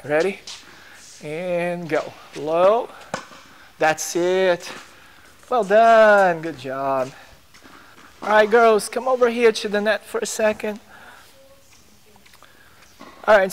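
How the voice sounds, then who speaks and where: Male tennis coach, mid-high voice, encouraging, short court commands, faint background noise.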